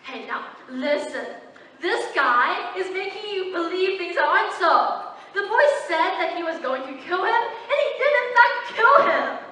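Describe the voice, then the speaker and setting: Brief: young woman as a mocking, loud-tempered juror, very high lively voice, echoey hall from far off. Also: a little slow, full character voice. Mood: dismissive. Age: late teens. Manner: mocking, scoffing, laughs while arguing. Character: hot-tempered, scornful male juror, middle-aged. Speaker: student actor. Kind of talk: stage play performance. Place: stage in a large hall.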